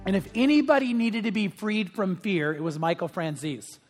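A man's voice: high voice, expressive, moderate pace, long reverb tail, soft background music. A middle-aged male pastor giving a sermon, telling stories in a chatty way with many fillers. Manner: anecdotal storytelling with frequent fillers.

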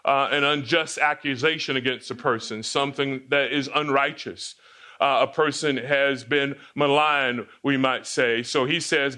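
A man's voice: mid-range voice, sharp tone. A male pastor preaching an expository sermon, asking his congregation rhetorical questions.

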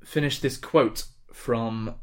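A man hosting a casual podcast quiz, reading questions slowly and laughing often. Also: mid-range voice, steady tone. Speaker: quiz host.

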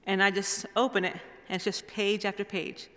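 A woman's voice: medium pitch, level tone, moderate pace. A woman giving a guest sermon, telling stories in a rambling way with restarts and asides. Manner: rambling, warm storytelling with restarts. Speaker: guest speaker. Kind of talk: storytelling sermon. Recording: reverberant hall.

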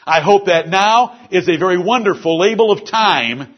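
A man's voice: high voice, expressive, moderate pace, lo-fi sound. A male pastor preaching an expository sermon at a church service, explaining scripture word by word.

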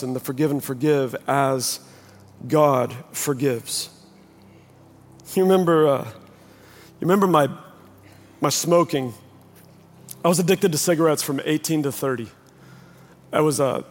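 A male pastor in his forties preaching a sermon, animated in his storytelling, acting out what people say, then praying in a soft, low voice. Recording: long reverb from a large hall.

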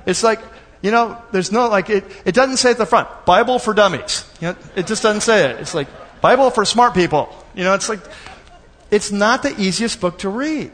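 A man preaching a sermon in a lively, conversational way, acting out little asides for the congregation. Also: high-pitched, normal speed, in a large hall. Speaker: pastor.

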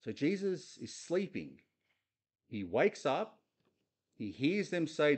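An earnest man preaching in a conversational way, often turning to his listeners with direct questions. His voice sits at an everyday middle pitch. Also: very animated, slow, a little mellow, slightly rough. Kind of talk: conversational sermon on a Bible passage.

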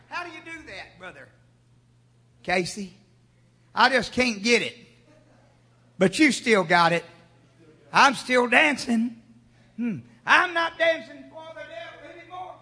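Brief: male preacher, high animated voice, husky, recorded in a church hall with a long echo. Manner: call-and-response preaching, rising to shouts. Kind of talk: sermon. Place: church sanctuary.

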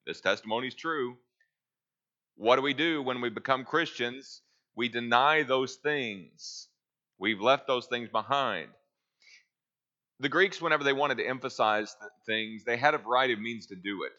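A man's voice: mid-range voice, normal speed, pushed and bright, highs cut off. A man teaching a Bible class, reading verses aloud and asking his listeners questions that he then answers himself.

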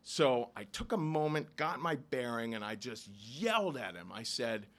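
A man from Ohio telling a story live in a small lounge, acting out the people he quotes with sudden jumps in pitch. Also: unhurried. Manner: animated, acts out quoted voices with sharp jumps in pitch.

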